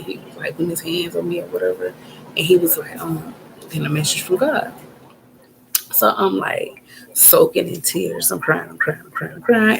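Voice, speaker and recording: Vlogger rambling through a storytime at home, super gravelly fry, lots of um and like. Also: medium pitch, background noise. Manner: rambling, filler-heavy, repeats phrases. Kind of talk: casual storytime.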